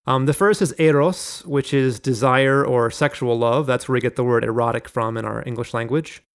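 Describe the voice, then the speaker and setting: A man's voice: mid-range voice, fairly even intonation, normal speed. A man hosting a Bible study discussion, explaining word meanings and reading quotations aloud in a conversational teaching style. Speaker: Bible study podcast host.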